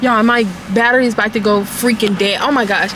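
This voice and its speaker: A woman vlogging casually to her phone from her car, chatty and quick to laugh. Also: a little high, fairly even intonation. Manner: chatty, laughs often, loose and playful. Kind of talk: casual vlog chat to camera. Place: in a car at drive-thrus. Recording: noisy car with traffic around.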